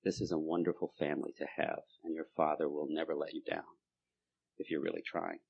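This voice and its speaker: Fast-talking man telling his story. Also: extremely low pitch, flat delivery, creaky, slightly rough, muffled recording. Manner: rapid, punchy storytelling with repeated phrases. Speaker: recovery meeting speaker. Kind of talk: personal testimony talk.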